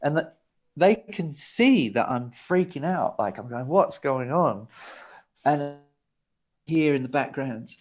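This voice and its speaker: A man's voice: a little high, lively intonation, measured pace, darkish tone, soft background music. A middle-aged man, a record producer and interview guest, telling a long, rambling anecdote and acting out the voices in it. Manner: rambling, vivid storytelling with acted-out quotes. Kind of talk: animated anecdote in a sit-down interview.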